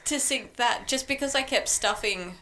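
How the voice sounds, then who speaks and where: A young woman with a slightly high voice, chatting casually with a wry, self-deprecating humour. Her delivery is relaxed and conversational. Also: moderate pace. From Australia. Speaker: podcast co-host. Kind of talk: casual chat.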